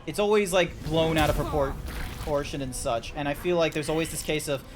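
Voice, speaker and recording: Over background music, a gaming streamer with a fairly high voice talks briskly and casually. His chat wanders, packed with fillers and false starts.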